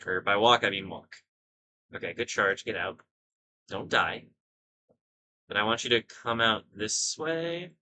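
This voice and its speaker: A man's voice: lowish voice, a little slow, long pauses, sharp tone, poor audio. A man hosting a gaming video, giving casual gameplay commentary and thinking aloud in rambling asides.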